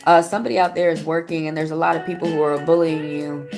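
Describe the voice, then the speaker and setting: A woman's voice: low voice, steady tone, fast. A woman giving a casual live-stream tarot reading, answering viewer comments aloud in a loose, rambling way. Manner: loose and rambling, with fillers and restarts. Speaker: tarot reader. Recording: music playing behind the voice.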